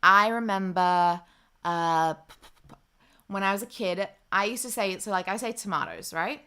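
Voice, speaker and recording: Bright-voiced Australian woman chatting live. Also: mid-range voice, moderate pace, clear, resonant tone. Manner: chatty, reads viewer comments aloud. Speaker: livestream host. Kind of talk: casual livestream chat.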